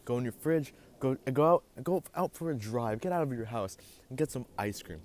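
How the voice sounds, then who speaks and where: A young man hosting a casual storytime vlog, animated and swearing as he gets heated. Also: mid-range voice, normal speed. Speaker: vlogger host.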